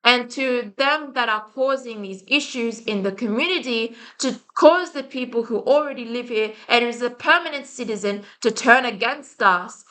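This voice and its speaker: Agitated woman ranting, bright voice. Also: fairly high pitch, measured pace. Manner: agitated ranting with frequent swearing and restarts. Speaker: vlogger. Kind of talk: heated monologue to camera.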